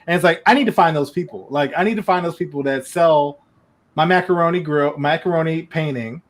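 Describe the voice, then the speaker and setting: Guy cohosting a comedy podcast, bit higher voice, goofs around riffing. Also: fairly quick. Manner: joking, loose, puts on a fake French accent. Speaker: podcast co-host. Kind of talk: casual comedic chat.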